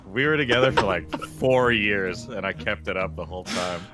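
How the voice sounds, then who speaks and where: A man's voice: fairly low pitch, normal speed. Man telling rambling stories over game music. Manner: rambling storyteller, giggly. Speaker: co-streamer. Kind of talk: casual gaming-stream chat.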